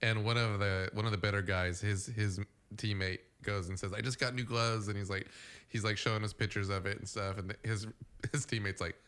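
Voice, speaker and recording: Quick, bright-voiced joking man. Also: fairly low pitch, level tone, clean tone. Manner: joking, teasing storyteller. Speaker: radio show co-host. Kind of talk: casual morning show chat.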